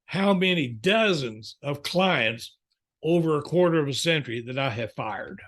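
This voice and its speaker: A man's voice: fairly high pitch, animated, measured pace, a bit bright. A man, a counselor and author, telling folksy stories in a podcast interview. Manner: folksy storyteller, chuckling asides.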